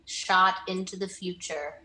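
A woman's voice: fairly low pitch, fairly even intonation, a little slow, bright, forceful tone, echoey room. A young woman in a casual interview, talking earnestly about past mentors and often restarting her sentences. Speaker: interviewee, former student.

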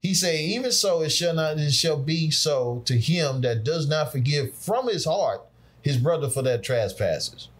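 A man's voice: fairly high pitch, lively intonation, unhurried. A man, teaching on scripture in an emphatic, preacherly conversational way. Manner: preacherly, emphatic, dialect speech, laughs along.

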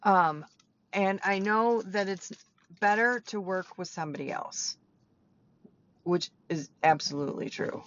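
Middle-aged lady coach chatting away on her podcast, lots of likes and ums, mid pitch. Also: unhurried, long pauses, a bit bright. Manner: chatty, rambling, lots of fillers. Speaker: podcast host, clarity coach. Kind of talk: casual personal monologue. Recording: slightly dull lo-fi sound with faint noise.

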